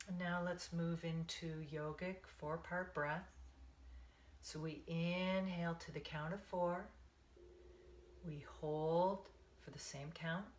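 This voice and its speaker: A woman meditation teacher leading a guided meditation in a calm, soothing, unhurried way, sometimes dropping to a soft breathy tone. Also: deep voice. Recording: echoey room.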